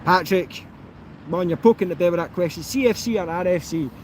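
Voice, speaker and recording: A Scottish man talks loosely to his viewers on a live stream, drifting between thoughts with plenty of ums and restarts. His voice sits a little high for a man. Faint street noise hums behind him outdoors. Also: fairly quick. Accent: Scottish, softened. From Scotland. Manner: chatty, rambling, with many fillers and restarts. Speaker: YouTube auditor answering live chat. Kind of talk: casual live-stream chat.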